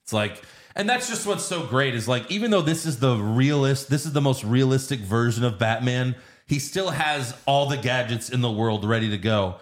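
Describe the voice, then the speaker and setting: A man's voice: medium pitch, lively intonation, moderate pace, few pauses. A man hosting a podcast, recapping a movie in casual chat, swearing freely and putting on silly voices for the characters. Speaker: podcast host.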